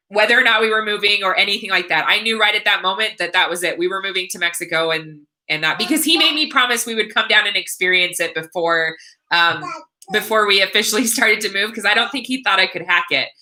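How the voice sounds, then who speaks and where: An American woman in her thirties answering viewer questions on a livestream, earnest and emotional, with many halting restarts. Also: mid-range voice, sharp tone, rough recording. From United States. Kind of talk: livestream Q&A chat.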